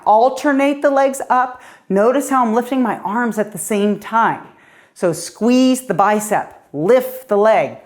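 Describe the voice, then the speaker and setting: A woman's voice: mid-range voice, darkish tone. A middle-aged woman fitness coach leading a guided workout, upbeat and encouraging, a little out of breath as she calls out the moves. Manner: upbeat, encouraging, counting down reps. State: slightly out of breath.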